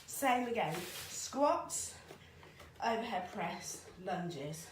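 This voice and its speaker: A woman's voice: medium pitch, animated, very slow, roomy sound, noisy background. Woman coaching a home workout. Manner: encouraging, counts reps aloud while exercising. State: out of breath after exercise. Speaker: fitness instructor. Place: home room.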